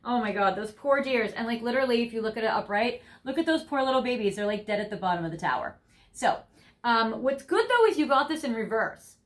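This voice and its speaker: A woman's voice: fairly high pitch, expressive, brisk. A young woman giving a tarot reading to viewers, gushing and effusive, laughing often as she talks through the cards. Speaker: tarot reader.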